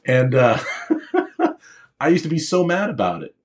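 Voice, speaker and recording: A man's voice: medium pitch, sing-song, a little slow. Man giving an emphatic motivational talk. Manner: emphatic, repeats phrases for emphasis; conversational, checks in with the audience. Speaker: motivational speaker to aspiring medical students. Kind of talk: motivational speech with personal stories.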